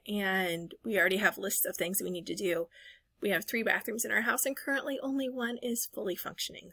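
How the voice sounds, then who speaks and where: Bright chatty woman reseller. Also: mid-range voice, dry recording. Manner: rambling, chatty, self-correcting, with fillers. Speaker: reseller vlogger. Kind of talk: casual voice-over chat.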